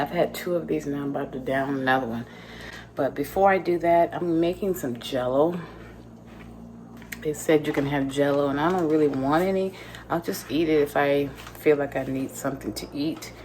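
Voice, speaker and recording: A woman's voice: deep voice, moderate pace, pauses often, a little mellow, a little hiss or hum. A woman vlogging from her home kitchen, chatting casually to her viewers as she prepares food. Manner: chatty, talks to viewers while cooking.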